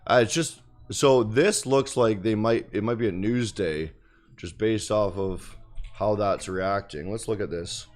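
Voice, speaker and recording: A man's voice: lowish voice, unhurried, darkish tone. A man talking casually and bluntly while he trades live, rambling through his points and swearing now and then. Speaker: day trader streamer. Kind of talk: casual trading talk.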